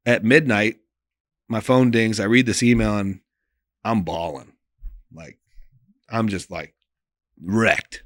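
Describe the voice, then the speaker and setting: A man, a pastor, telling a personal story in an interview in an earnest, emotional way, often trailing off soft and quiet, with loose phrasing and many fillers. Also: fairly low pitch, steady tone, slow, long pauses, dry recording, clean studio sound.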